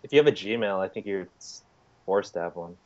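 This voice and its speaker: A man co-hosting a podcast in casual chat over an internet call, playful with quick asides. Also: low-pitched, lively intonation, muffled recording. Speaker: podcast co-host.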